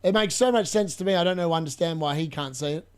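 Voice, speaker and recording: A young man commentating live on a football match for his fantasy football stream, excitable, laughing often and talking to his chat. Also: fairly high pitch, quick pace, smooth.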